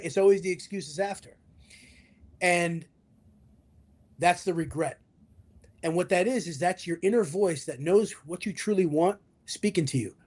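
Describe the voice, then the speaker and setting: A man's voice: high-pitched, moderate pace, long pauses, a little mellow. A man, a fitness coach, talking in an interview with motivational energy and acting out the voices of the people he quotes. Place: video call interview.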